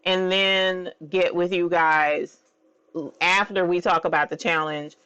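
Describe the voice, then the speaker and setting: A woman hosting a casual craft stream, bubbly and excitable, often squealing and laughing. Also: fairly low pitch, takes it slowly, clear, resonant tone, dry recording. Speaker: crafting channel host. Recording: dull, slightly lo-fi sound.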